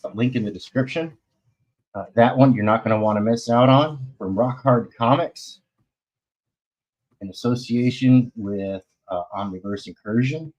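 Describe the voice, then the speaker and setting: A man's voice: medium pitch, moderate pace, darkish tone, rough recording. A man hosting a comics talk stream in casual chat, rambling, loose and slangy, with many fillers.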